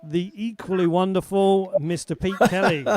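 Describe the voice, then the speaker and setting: A man's voice: high voice, fairly even intonation, moderate pace, no echo. Chatty British man hosting a livestream. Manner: chatty, warm greetings to viewers, laughs easily. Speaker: music show host. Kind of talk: casual livestream chat. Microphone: video call.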